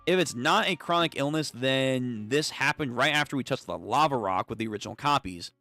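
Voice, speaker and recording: A young man hosting a live comic read-through, reading all the parts in an animated, casual voice that swears freely. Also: mid-range voice, a little fast, dry recording, soft background music. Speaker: streamer reading manga.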